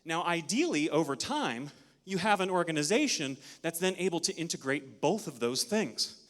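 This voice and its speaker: A man giving an energetic, interactive talk at a conference, leading the audience through counts, a little out of breath. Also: on the high side, moderate pace. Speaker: conference speaker. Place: large conference hall. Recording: long hall reverb.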